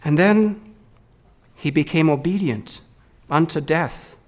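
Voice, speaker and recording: A man delivers a sermon, shifting between loud, rising questions and quiet, low-pitched emphasis. He speaks slowly and often corrects himself and repeats words.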